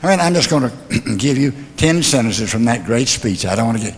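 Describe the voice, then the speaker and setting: A man's voice: medium pitch, animated, fairly quick. An older man giving a motivational talk, telling homespun stories with humor and rhetorical questions. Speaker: motivational speaker. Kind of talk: folksy speech with stories and jokes. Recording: long hall reverb.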